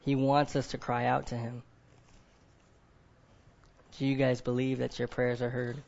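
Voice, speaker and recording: A man's voice: medium pitch, monotone, unhurried, creaky, a little mellow, muffled recording. A man preaching a sermon to a group of men. He keeps asking them questions, often adds "right?", and acts out other people in quoted voices.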